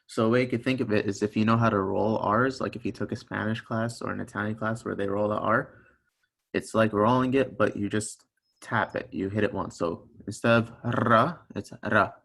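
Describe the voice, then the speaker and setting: Low-voiced man teaching sounds patiently. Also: steady tone, a little fast, vocal fry, a bit bright. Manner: patient, explains step by step with repeated examples. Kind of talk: recorded language lesson.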